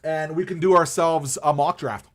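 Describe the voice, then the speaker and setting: A man's voice: a little high, moderate pace, fairly bright tone. A man hosting a live stream, chatting casually about hockey in a rambling way with many fillers and restarts.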